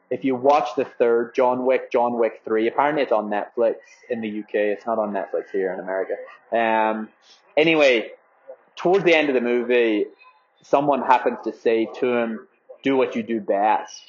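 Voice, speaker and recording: A man's voice: medium pitch, highs cut off. A young man from Ireland, a marathon runner, talking casually with lots of fillers and free swearing. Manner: rambling, filler-heavy, swears freely. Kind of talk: casual spoken update.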